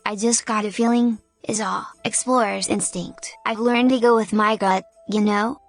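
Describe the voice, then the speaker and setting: Woman doing a cocky adventurer gal, muffled raspy voice, teasing and breezy. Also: mid-range voice, steady tone, normal speed, soft background music, natural voice. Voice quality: muffled rasp. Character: cocky, joking female adventurer.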